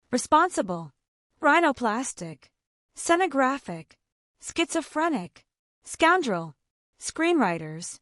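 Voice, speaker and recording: A woman reads single words aloud one after another, slowly and with care. Her voice sits a little high and moves up and down a lot from word to word. The sound is dry and close, with no room around it. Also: no echo. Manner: slow, careful, word by word. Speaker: pronunciation reader. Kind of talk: reading a word list aloud.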